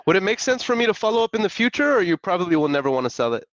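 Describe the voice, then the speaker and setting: An excitable young man hosts a live stream in a slangy, upbeat way, with a slightly high voice. The sound is dry and close, a bit dull and lo-fi. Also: very fast, no echo. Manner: excitable, slangy, laughs often. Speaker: live-stream host making real estate calls. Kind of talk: casual live-stream chat.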